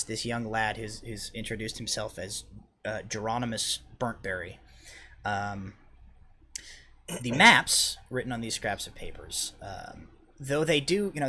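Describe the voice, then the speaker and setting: A man's voice: medium pitch, pushed and bright, slight background noise. Easygoing rambling male dungeon master. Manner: rambling with many fillers and restarts, easygoing. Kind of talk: narrating a tabletop game.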